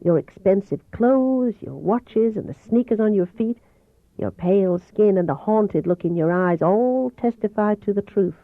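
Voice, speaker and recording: A gentle, persuasive male doctor with a soft, melodious voice and a slight Southern accent, as a woman reads him aloud. He coaxes and teases calmly. The recording sounds dull and dry. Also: mid-range voice, a little slow, no room sound. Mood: coaxing. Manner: calm, coaxing, gently teasing.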